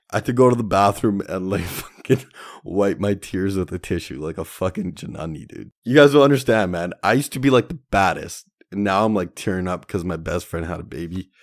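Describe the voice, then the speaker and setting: A young man hosting a solo podcast, telling stories in a slangy, profane way and calling listeners dude and man. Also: low voice. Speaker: podcast host. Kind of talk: casual solo podcast monologue.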